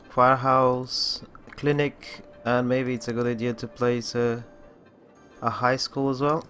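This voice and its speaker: A man with a groggy morning voice giving casual commentary as he plays a city-building game, talking at an unhurried pace and often restarting his sentences. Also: medium pitch. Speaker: gaming channel host.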